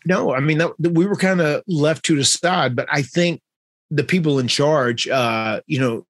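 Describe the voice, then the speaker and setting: With a fairly high-pitched voice at normal speed, a male podcast host spins stories conversationally. He's lively and voices other people's quotes in character. There's no room sound.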